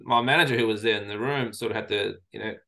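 A man from Lebanon, a guest in a casual interview, tells stories reflectively, with lots of fillers and restarts. His voice is on the low side, bright and forceful with vocal fry, and he talks fast.

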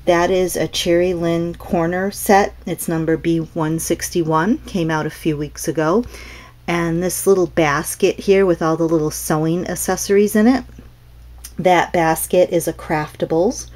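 A woman's voice: on the low side, measured pace, a little mellow. A middle-aged woman from North Carolina, chatting casually as she shows handmade cards, meandering with frequent restarts and ums. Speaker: craft seller showing customer cards. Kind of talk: casual show-and-tell vlog.

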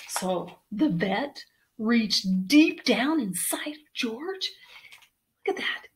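A woman's voice: mid-range voice, expressive, takes it slowly, distant mic. A woman librarian reading a picture book to children, enthusiastic and coaxing, with gasps of mock surprise. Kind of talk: storytime read-aloud for children. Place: at home.

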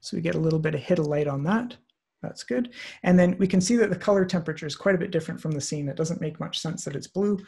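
A man walking through a photo compositing tutorial on screen, relaxed and thinking aloud with many fillers. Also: fairly high pitch, fast, vocal fry, breathy edge. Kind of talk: screen-share software tutorial. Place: online presentation, recorded at his computer.

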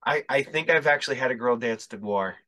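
A man's voice: medium pitch, fairly quick, bright, forceful tone. A male podcast host telling rambling, profane stories in casual chat, acting out the dialogue as he goes.

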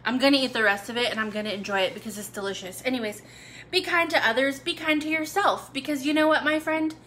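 A young woman chats to her viewers in a bright, fairly high voice, upbeat and playful, tossing in jokes between bites. A faint hiss of background noise sits under her voice. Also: quick pace. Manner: chatty, upbeat, playful asides. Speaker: cooking channel host. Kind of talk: casual live video chat.

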